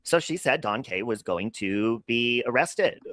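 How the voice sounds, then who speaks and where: A male livestream host who talks in a lively, swooping way, full of gossip and swearing. His voice is dry and close, with no room sound around it. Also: mid-range voice, a little slow, no room sound. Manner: animated, profane, gossipy. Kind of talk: casual livestream chat.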